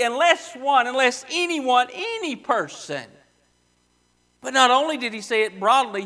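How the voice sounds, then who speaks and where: Male preacher, very high voice, emphatic repetitive sermon delivery in a church. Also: bright, forceful tone. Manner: emphatic preaching, repeating phrases with slow stressed words. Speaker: pastor. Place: church sanctuary.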